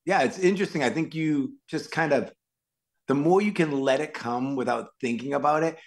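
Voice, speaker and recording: A man, an actor and stuntman, telling animated anecdotes as a podcast guest and acting out what other people said. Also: on the high side, normal speed. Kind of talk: casual podcast storytelling.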